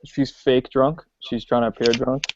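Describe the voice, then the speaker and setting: A man co-hosting a podcast, talking casually about films with many pauses and ums. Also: mid-range voice, slight background noise. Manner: relaxed, hesitant with many ums. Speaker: podcast co-host. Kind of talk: casual film discussion. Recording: dull lo-fi podcast audio.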